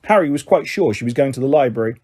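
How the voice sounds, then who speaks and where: A man reading a novel aloud as an audiobook narrator, in steady, measured storytelling. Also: mid-range voice. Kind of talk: scripted narration.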